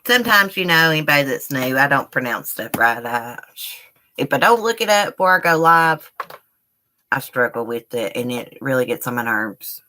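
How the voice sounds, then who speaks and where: A woman's voice: extremely low pitch, sing-song, moderate pace, pushed and bright. A woman hosting a live stream from home, chatting casually and rambling while she talks to her viewers as y'all. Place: indoors at home.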